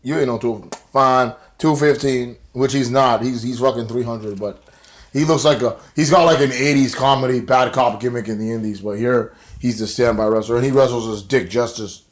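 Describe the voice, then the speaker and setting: A man in a casual video review, rambling through a show recap with loose, profanity-laced slang. His voice sits at an ordinary middle pitch.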